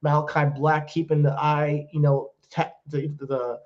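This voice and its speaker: A man's voice: a little high, little pitch movement, measured pace, muffled recording. A man co-hosting a podcast in casual chat, ranting bluntly and swearing freely. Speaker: podcast co-host.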